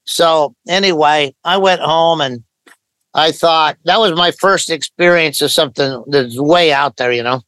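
An older man from Idaho speaks in a slightly high, light voice, unhurried and matter-of-fact as he recounts a story. He often quotes other people's dialogue as he goes. The recording is close and dry, with almost no room sound. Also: a bit bright, no room sound, low-quality recording. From Idaho, USA. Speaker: pastor, guest. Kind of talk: storytelling in a podcast interview.

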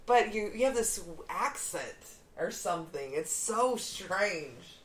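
A woman's voice: medium pitch, lively intonation, slow, echoey room. A young adult woman hosting a casual chat show, playful and teasing, laughing often. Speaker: podcast host.

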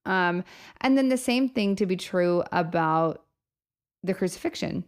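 A woman's voice: lowish voice, expressive, measured pace, smooth. A woman hosting a podcast, chatting casually and reflectively about faith, often laughing as she talks. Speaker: podcast host.

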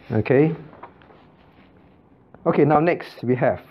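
A male pastor teaching a Bible study, calling on students by name and repeating points with quick checks like "okay?" and "right?". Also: mid-range voice, slightly rough, highs cut off.

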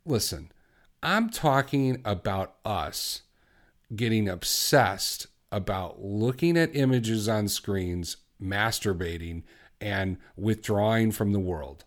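A man hosting a solo podcast, talking bluntly and exhorting his listeners, moving from quiet reflection to fervent conviction. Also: on the low side, expressive, slow. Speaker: podcast host. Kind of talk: impassioned solo podcast talk.

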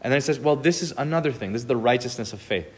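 A man preaching a sermon as pastor, talking conversationally and animatedly with many filled pauses. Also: medium pitch. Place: church sanctuary. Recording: long hall reverb.

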